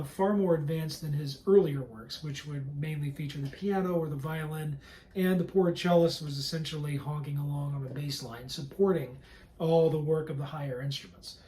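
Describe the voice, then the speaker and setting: Mellow man lecturing in an echoey room. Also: fairly high pitch. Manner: relaxed, conversational explaining, sings phrases along with music. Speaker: cellist and artistic director giving a pre-concert lecture. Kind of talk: informal pre-concert lecture. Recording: echoey room with faint music.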